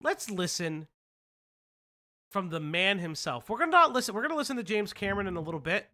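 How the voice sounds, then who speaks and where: A stream host from the United States giving excitable casual commentary, swearing and restarting sentences. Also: mid-range voice, a little fast.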